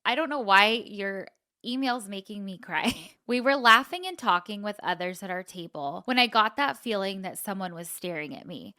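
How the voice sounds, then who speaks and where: A woman's voice: medium pitch, sharp tone, no echo, clean studio sound. A woman co-hosting a casual podcast, reading a listener's email aloud and laughing easily. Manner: laughs easily, gets choked up. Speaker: podcast co-host.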